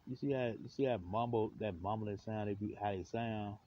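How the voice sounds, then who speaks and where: A man's voice: on the low side, steady tone, moderate pace. A man hosting a live stream, rambling in slang with lots of fillers. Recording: dull lo-fi with faint hiss.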